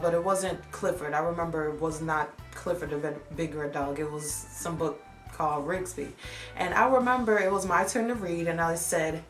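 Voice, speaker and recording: A woman's voice: on the low side, echoey room. A young woman vlogger telling a personal story in a candid, reflective way. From United States. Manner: candid, reflective, animated when retelling.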